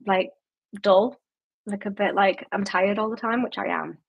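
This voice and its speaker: A woman's voice: medium pitch, steady tone, a little slow, gravelly, narrow, tinny audio. Chatty Yorkshire woman reading out viewer comments. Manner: chatty, reads viewer comments aloud and answers them. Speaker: booktube host. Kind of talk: casual livestream chat.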